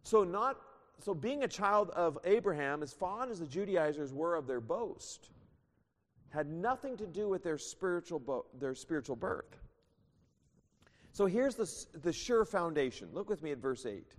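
A male preacher with a fairly high voice and a lively, swooping delivery, reading scripture and explaining it verse by verse, at times raising his voice. The sound rings with a long hall reverb, as in a church sanctuary. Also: moderate pace. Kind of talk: sermon.

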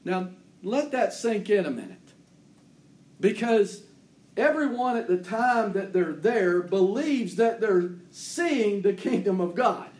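A man preaching a sermon as pastor. He swings between loud, emphatic declarations and hushed, intimate asides. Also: high-pitched, animated, slow pace, roomy sound.

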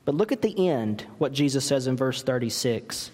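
A man's voice: medium pitch, lively intonation, normal speed, darkish tone. A man preaching a sermon as pastor, emphatic and full of rhetorical questions, in a church. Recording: long hall reverb.

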